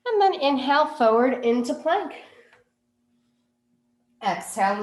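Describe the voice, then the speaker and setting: A woman teaching a yoga class, giving calm, unhurried cues for poses and breathing. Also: mid-range voice, echoey room. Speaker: yoga instructor. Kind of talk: guided yoga class instruction.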